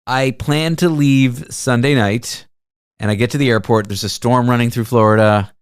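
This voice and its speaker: A man's voice: medium pitch, normal speed, clear, resonant tone, no room sound, studio quality. A man hosting a talk show, telling a travel story in a casual, self-deprecating way. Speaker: radio show host.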